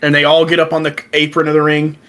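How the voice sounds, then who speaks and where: A young man co-hosting a podcast in casual chat, excitedly retelling events and acting out the quoted lines. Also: on the high side, fast, rough recording. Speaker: podcast co-host. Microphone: remote call.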